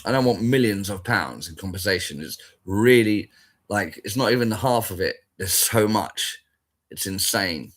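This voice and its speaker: Husky, sweary man. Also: lowish voice, expressive, moderate pace, fairly bright tone. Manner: sweary, blunt and rambling, repeats himself. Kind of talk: casual spoken rant.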